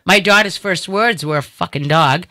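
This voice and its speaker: A middle-aged woman from Boston with a Boston accent, hosting a casual chat in a blunt, animated way and swearing freely. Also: fairly low pitch, unhurried, background noise. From Boston area, USA. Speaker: host.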